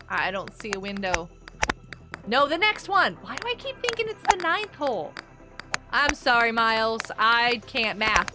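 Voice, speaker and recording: A young woman chatting excitedly with viewers as she streams a game. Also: sits high. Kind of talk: live gameplay commentary. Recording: game music behind. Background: game music.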